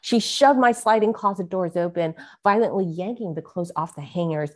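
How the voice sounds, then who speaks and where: Woman reading her own story on a show, earnest, vivid, mid-pitched voice. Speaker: guest author. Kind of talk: memoir reading and interview chat.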